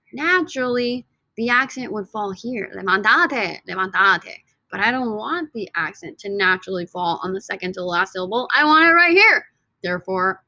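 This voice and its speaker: Woman, teacher, casual lesson, playful, energetic, bright voice, dry sound. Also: medium pitch, no echo. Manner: energetic and playful, drawn-out repetitions. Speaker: Spanish teacher.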